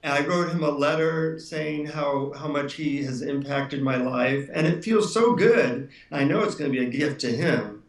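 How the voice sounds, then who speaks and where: A man's voice: on the high side, moderate pace, few pauses, recorded from a distance. A middle-aged man, a self-help author being interviewed, telling a personal story in an earnest, reflective way. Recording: roomy, off-mic sound.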